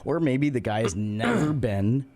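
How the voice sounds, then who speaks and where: Radio co-host, male, relaxed and chatty, lively pitch, laughs along with his partner. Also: normal speed. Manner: easygoing, laughs along, asks musing questions. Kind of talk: casual banter on community radio. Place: radio studio.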